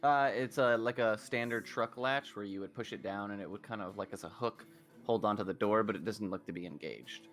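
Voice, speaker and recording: A man runs a tabletop game, describing scenes with lots of ums and restarts. His voice sits on the low side. Soft music plays faintly underneath. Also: brisk. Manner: hesitant, many fillers and restarts while describing scenes. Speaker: game master.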